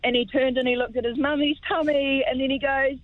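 A woman's voice: high-pitched, fairly even intonation, a little fast, no echo. A woman calling into a radio show, telling a fond story. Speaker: caller. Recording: phone line.

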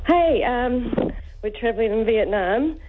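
A woman's voice: on the high side, animated, measured pace, very noisy. A woman calling in to radio over the phone, telling a travel story in a rambling, hesitant way. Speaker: caller. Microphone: phone line. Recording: tinny phone line.

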